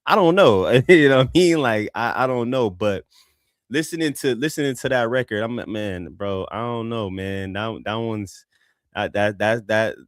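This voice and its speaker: A man from California hosting a live music review show, talking in a laid-back, slangy way with halting restarts. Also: lowish voice, no room sound, studio quality. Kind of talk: casual live reaction chat.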